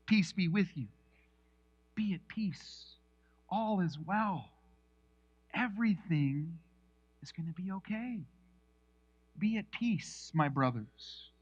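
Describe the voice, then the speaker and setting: Man doing a hushed, soothing calm figure. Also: high voice, slow, long pauses, muffled recording, heavily acted. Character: gentle, calm, reassuring man speaking softly.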